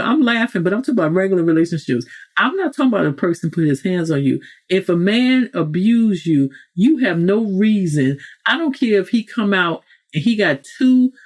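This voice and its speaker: A woman's voice: mid-range voice, a little mellow. A woman hosting a motivational podcast, preaching with many rhetorical questions and acting out quoted people in raised voices. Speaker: podcast host. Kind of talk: motivational talk.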